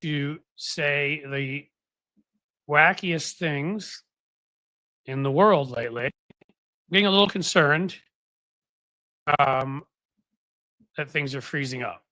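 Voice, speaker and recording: A man's voice: a little high, slow pace, pauses often, sharp tone, dry recording. A man hosting a casual political live stream, chatting to viewers in a rambling, easygoing way. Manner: rambling, chatty, many fillers and restarts. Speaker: political commentary host. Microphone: desk microphone.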